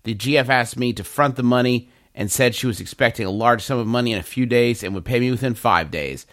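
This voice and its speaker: A man's voice: mid-range voice, fairly quick, a bit bright, no room sound, clean studio sound. A man co-hosting a comedy podcast, reading a listener question and spinning absurd scenarios in loose, rambling banter. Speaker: podcast co-host.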